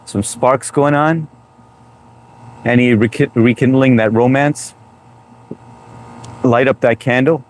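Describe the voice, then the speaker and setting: A man's voice: mid-range voice, unhurried, pauses often. A man hosting a casual live stream, joking around and greeting viewers by name as he reads their comments. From United States. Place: home room, New York.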